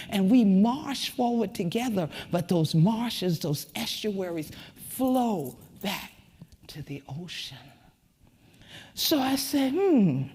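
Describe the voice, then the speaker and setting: Chanting Gullah Geechee woman, raspy voice. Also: medium pitch, in a large hall. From Sea Islands of the American Southeast. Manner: rhythmic, chanting, dramatic shifts between whispers and shouts. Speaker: community leader and keynote speaker. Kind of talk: spoken-word keynote performance.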